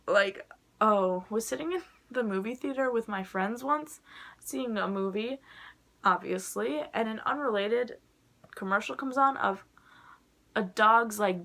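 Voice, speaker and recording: Chatty young woman with a gravelly edge. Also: on the high side, pushed and bright. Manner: rambling, chatty, full of "like" fillers. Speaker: vlogger. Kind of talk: casual chat to camera.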